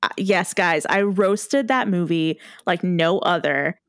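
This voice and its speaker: A woman's voice: lowish voice, slow pace, a bit bright, clear, resonant tone, dry recording, clean studio sound. A young woman co-hosting a casual podcast, chatting in a giggly, self-deprecating way. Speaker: podcast co-host.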